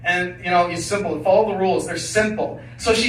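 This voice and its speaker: A man's voice: high-pitched, fairly even intonation, a little fast, slight background noise. A man performing a crude, rambling stand-up set in a small basement room. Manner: crude, rambling, filler-heavy delivery. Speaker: stand-up comedian. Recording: echoey room from a distant mic.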